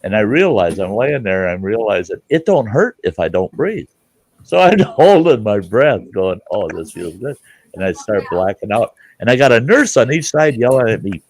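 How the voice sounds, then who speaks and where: A man's voice: mid-range voice, normal speed. A man hosting a casual livestream chat, telling rambling, profane stories. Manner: rambling, profane, lively storyteller. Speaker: livestream host.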